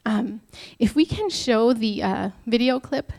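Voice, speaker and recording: Woman preaching animated sermon. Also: a little high, a little slow. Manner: animated, laughing while retelling, addresses the church directly.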